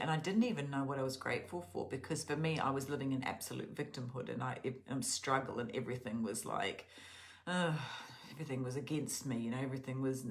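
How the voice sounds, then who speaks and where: A woman with a notably low voice hosts a guided journaling session. She talks casually and earnestly about gratitude, rambling and restarting her sentences often. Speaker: journaling channel host.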